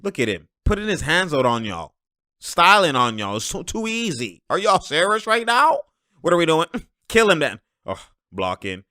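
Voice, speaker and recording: A man hosting a basketball reaction show, giving slangy, excited commentary over game clips and laughing often. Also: a little high, moderate pace, no room sound, studio quality. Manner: animated, slangy, laughs often, shouts at plays. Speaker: host of a basketball reaction channel.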